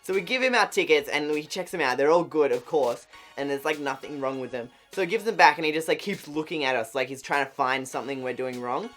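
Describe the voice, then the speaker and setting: A young Australian vlogger races through a casual storytime, filling every sentence with "like". The voice is mid-pitched, and faint music plays under it. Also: fast, a bit bright. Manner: rambling, heavy use of "like". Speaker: YouTuber.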